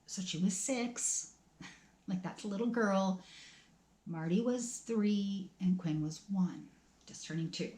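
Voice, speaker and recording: A middle-aged woman vlogging about her family's loss, talking in a halting, emotional way with many restarts. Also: mid-range voice, dark tone, roomy sound. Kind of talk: tearful personal vlog talk.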